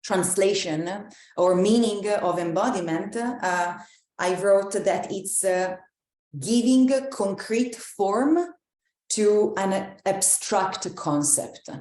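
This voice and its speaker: A woman with an Italian accent gives a live, reflective talk to an online group as a movement coach, with many pauses and restarts. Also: mid-range voice, darkish tone, roomy sound. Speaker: embodiment coach.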